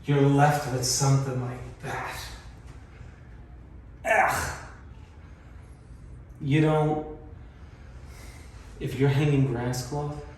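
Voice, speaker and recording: Slow-talking man teaching in an echoey room. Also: medium pitch, darkish tone, a little hiss or hum. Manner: patient, explains step by step, repeats points. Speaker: wallpaper installer teaching beginners. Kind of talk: hands-on instructional demonstration. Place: indoor room being wallpapered. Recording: very echoey room, voice from far off, faint ambience.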